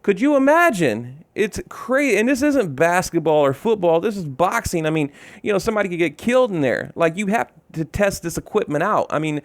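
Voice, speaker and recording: A man's voice: on the high side, no echo. A man giving heated, exasperated commentary on boxing, repeating himself and swearing as he rants. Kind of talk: ranting commentary.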